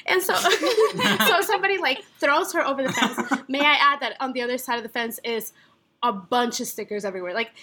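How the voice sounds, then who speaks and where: A young woman with a high, bright voice tells a chaotic story to friends on a podcast. She talks in an animated, casual way, laughs often and fills her lines with "like". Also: a little fast, slight background noise. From San Antonio, Texas. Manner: animated, laughing, heavy use of "like". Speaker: podcast guest.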